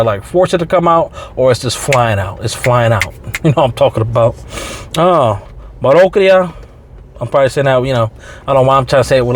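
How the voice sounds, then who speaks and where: A man hosting a casual explainer video on veterans' benefits, talking straight to viewers with slang and joking asides. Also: medium pitch.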